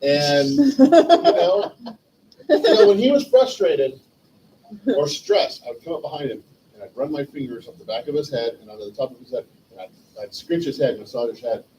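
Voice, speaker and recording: A man with a mellow, slightly high, creaky voice talks at a moderate pace as host of a memorial stream. His eulogy is personal storytelling, animated, heartfelt and rambling, with past dialogue acted out. Recorded on a distant mic, it carries faint room ambience and a little hiss or hum.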